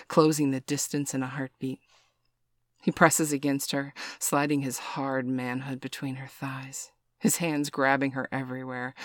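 A man reading an adult story aloud in a slow, soft, even voice. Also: medium pitch, no room sound, studio quality. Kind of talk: scripted adult story narration.

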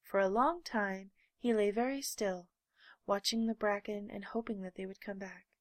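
A woman reading a children's storybook aloud, with gentle, measured storytelling. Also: medium pitch, fairly even intonation, no echo. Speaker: narrator.

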